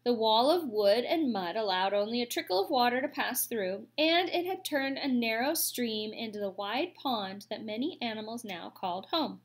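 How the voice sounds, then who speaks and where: A woman's voice: on the high side, expressive, normal speed, few pauses. Woman reading a children's novel aloud. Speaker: audiobook reader.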